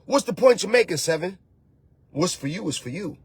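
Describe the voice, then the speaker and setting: A man hosting a casual motivational talk as a spiritual coach, animated and preachy, slangy and often shouting. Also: high voice, fairly quick, breathy edge.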